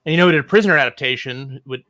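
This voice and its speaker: Wry joking guy on a video call, bright sharp voice. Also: mid-range voice, racing, no room sound. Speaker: guest playwright. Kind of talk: casual chat.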